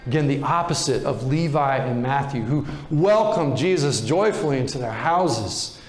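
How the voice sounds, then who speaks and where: A pastor preaching a sermon, retelling a story in a relaxed, conversational way. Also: male voice, mid-range voice, moderate pace, reverberant.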